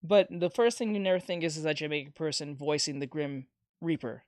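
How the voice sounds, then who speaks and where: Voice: medium pitch, fairly quick, dry recording, clean studio sound. A streamer in a casual live-stream chat, ranting with some swearing and reading chat messages aloud. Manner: animated ranting with profanity, reads chat aloud.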